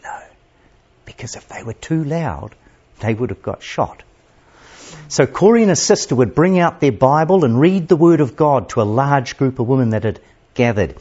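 A man preaching a sermon with dramatic storytelling that swings between loud passages and hushed asides. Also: mid-range voice, slightly rough, muffled recording.

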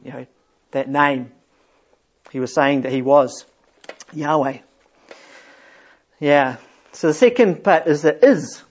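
Guy running a laid-back bible study, kinda high voice, laughs a lot, muffled lo-fi audio. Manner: chatty, chuckles often, friendly asides. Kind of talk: informal Bible talk to a group.

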